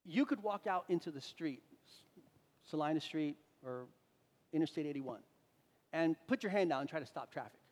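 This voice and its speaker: A man preaching a sermon as a pastor, swinging between loud emphatic lines and quiet asides. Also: a little high, animated, moderate pace, long pauses. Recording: reverberant hall.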